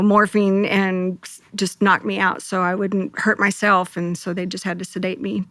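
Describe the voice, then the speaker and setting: A woman co-pastor speaks with a gravelly, textured edge to her voice, recounting her testimony earnestly. Her voice sits at a middle pitch, and the recording is close and dry with no room sound. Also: fairly bright tone, no echo. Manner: earnest, heartfelt storytelling with quoted prayers. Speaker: co-pastor and guest. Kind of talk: emotional personal testimony.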